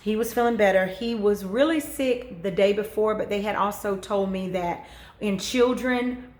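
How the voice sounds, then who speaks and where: A woman's voice: medium pitch, moderate pace, darkish tone. Earnest mother in an echoey room. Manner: earnest, many fillers, quotes her own thoughts. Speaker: homemaking vlogger, mother. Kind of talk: casual storytelling.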